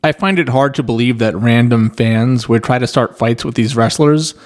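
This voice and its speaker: A man's voice: medium pitch, moderate pace. A man giving reaction commentary, skeptical and building long hypothetical scenarios to argue his point.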